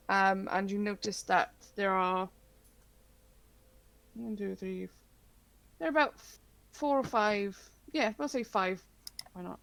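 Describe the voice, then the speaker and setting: A woman runs a tabletop horror game as game master, talking slowly with lots of fillers. Her voice carries a gravelly fry, and she laughs along with her players. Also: mid-range voice, fairly bright tone, no echo. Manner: halting, many fillers, laughs often.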